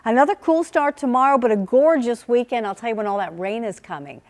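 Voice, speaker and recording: A woman giving a chatty, clear weather forecast in a studio. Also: on the high side, brisk.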